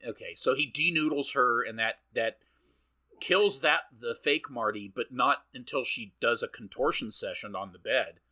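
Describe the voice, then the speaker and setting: A man's voice: medium pitch, moderate pace, pushed and bright. A man co-hosting a podcast, recapping a film in casual chat, swearing freely and acting out what the characters say. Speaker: podcast co-host.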